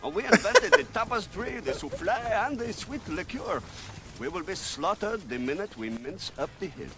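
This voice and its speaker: An actor playing a foppish, effeminate French courtier with a mock French accent, camp and theatrical, in a comedy clip. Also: male voice, sits high, very animated, normal speed, noisy background. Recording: music behind a TV clip.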